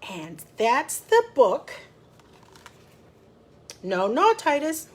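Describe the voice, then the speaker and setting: A woman librarian hosts a storytime, speaking with a bright, high voice. She talks slowly and chattily to young children, turning to them with little questions between the pages. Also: lively intonation. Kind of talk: storytime read-aloud.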